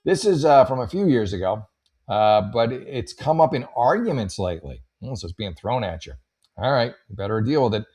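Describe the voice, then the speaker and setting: A man's voice: fairly low pitch, a little mellow. A man hosting a comedy show, reading letters aloud and riffing with rambling, wry asides. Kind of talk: casual comedic commentary.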